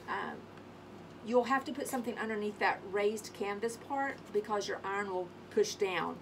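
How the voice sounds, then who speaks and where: Brief: a woman host of a casual crafting video, slightly high pitched, chatty and sing-songy, with audible background noise. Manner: chatty, sings little scat tunes while working. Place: home craft space on an acreage.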